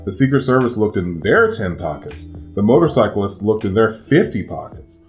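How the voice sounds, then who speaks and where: A man's voice: fairly low pitch, sing-song, normal speed. A man reading a picture book aloud to children, giving each character a voice. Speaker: storybook reader. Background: soft guitar music.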